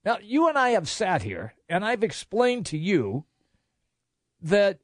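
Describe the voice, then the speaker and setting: A man's voice: high-pitched, wildly swooping pitch, slow, no room sound, studio quality. An older man co-hosting a casual talk show, ranting in an exasperated way with many restarts. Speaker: co-host.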